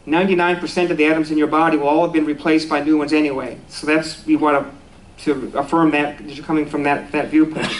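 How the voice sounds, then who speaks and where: A man's voice: a little high, little pitch movement, brisk, slight background noise, poor audio. A man giving a conversational sermon at a spiritual center, easygoing and self-deprecating, with restarts and small laughs.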